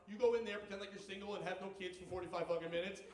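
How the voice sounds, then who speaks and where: A man doing a stand-up comedy set on a club stage, telling stories with animated, profane delivery. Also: high voice, racing. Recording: echoey club, distant mic, audience laughter.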